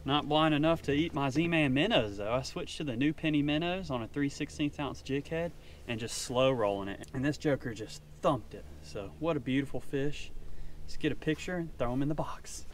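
A man in a small boat, calling out excitedly to the fish and chatting with his viewers as he goes. His voice sits at an ordinary middle pitch. It was picked up by a chest-mounted action camera outdoors, with a faint hiss behind it. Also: moderate pace. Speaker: fishing vlogger. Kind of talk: casual fishing vlog commentary.

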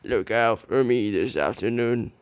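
A man's voice: medium pitch, a little slow, clean tone, no room sound, lo-fi sound, natural voice. Man doing a big proud boastful engine. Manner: loud, boastful and grumbling. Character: big proud boastful male engine, grumpy when thwarted.

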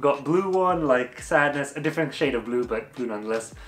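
A man's voice: medium pitch, expressive, fairly quick, fairly bright tone. Chatty man in an echoey room. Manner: chatty and rambling, full of fillers; laughs between points. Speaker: movie reviewer. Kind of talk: casual spoken review. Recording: echoey room with faint music.

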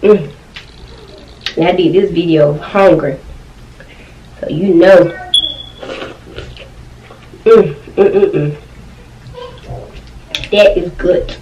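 A woman's voice: lowish voice, very slow, long pauses, warm tone, recorded from a distance, muffled recording, slight background noise. A young woman chatting casually and eating on camera at home, with lots of appreciative "mm"s as she tastes. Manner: chatty, eating on mic with frequent "mm"s. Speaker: mukbang vlogger. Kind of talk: casual food review while eating. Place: at home with her kids nearby. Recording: roomy, off-mic home recording.

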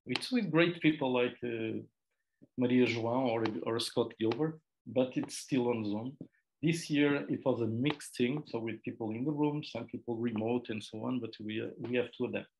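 Middle-aged man, gravelly voice, casual digressive presentation to students, faint background noise. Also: medium pitch, moderate pace, darkish tone, rough recording. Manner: conversational, digressive, self-deprecating asides. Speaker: PhD programme director.

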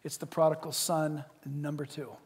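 Animated high-voiced pastor preaching. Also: male voice, normal speed, husky, big-room sound. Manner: animated storyteller, swinging from loud to hushed. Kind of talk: sermon.

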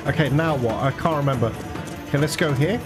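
A man's voice: fairly high pitch, fairly quick. A man giving live commentary on a video game, frustrated and swearing often. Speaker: gaming streamer. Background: game music and gunfire.

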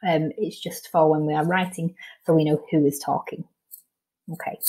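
Welsh teacher lady going through a lesson slowly, lots of ums, warm dark voice. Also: low voice, little pitch movement, breathy edge, rough recording. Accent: Welsh English. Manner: patient, explains step by step with many ums. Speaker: primary school teacher. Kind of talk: recorded online lesson.

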